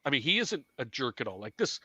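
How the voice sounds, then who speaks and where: A man spins a self-mocking story in a bright, forward voice, swearing freely as he goes. His delivery is animated and conversational, recorded dry with almost no room sound around him. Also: medium pitch, fast, no room sound. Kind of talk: casual storytelling on a live stream.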